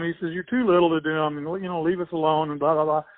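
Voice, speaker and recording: An older man being interviewed, telling a family memory in a halting, rambling way with many restarts and small chuckles. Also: on the high side, fairly even intonation, no echo. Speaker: interviewee, former swimmer and coach. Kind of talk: casual spoken recollection. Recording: tinny phone-like dry sound.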